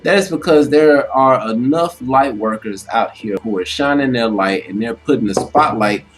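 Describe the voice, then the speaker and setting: A man's voice: medium pitch, moderate pace, soft background music, poor audio. Preachy man with motivational repeats. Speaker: relationship advice co-host. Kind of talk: casual advice chat.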